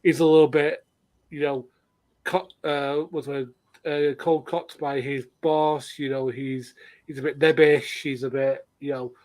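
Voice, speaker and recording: A man co-hosting a casual chat, halting, with frequent restarts. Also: on the high side, little pitch movement, darkish tone. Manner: halting, many restarts and fillers. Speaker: podcast co-host.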